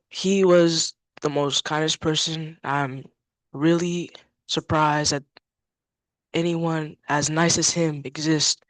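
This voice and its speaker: An emotional man, a family member, speaking slowly and haltingly at a memorial service. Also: on the high side, a bit bright, no room sound. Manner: slow, simple and halting. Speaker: family member giving a eulogy. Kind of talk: memorial eulogy.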